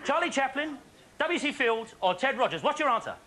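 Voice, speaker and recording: A man presenting a phone-in quiz on a studio show, chatty and jokey with quick patter and frequent laughs. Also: very high voice, animated, bright, forceful tone. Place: TV studio with live audience. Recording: faint audience and studio noise.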